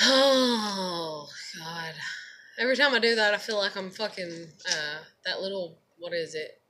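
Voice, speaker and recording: A woman's voice: medium pitch, unhurried, bright, forceful tone, slight background noise. A tired young woman, venting to camera in a rambling, profane way and laughing often. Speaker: vlogger.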